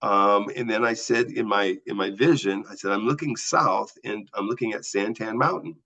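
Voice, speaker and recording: A man's voice: fairly low pitch, moderate pace. A man telling a personal story as a podcast guest, vividly acting out the voices of the people he talks about. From US Southwest. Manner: animated storyteller acting out dialogue. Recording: slightly dull lo-fi audio.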